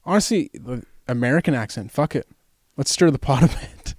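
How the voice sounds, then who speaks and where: A young man co-hosting a podcast in casual chat, a bit tipsy, halting and unsure as he talks. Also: medium pitch, lively intonation, a little mellow, dry recording, studio quality. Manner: hesitant, halting, many fillers. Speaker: podcast co-host.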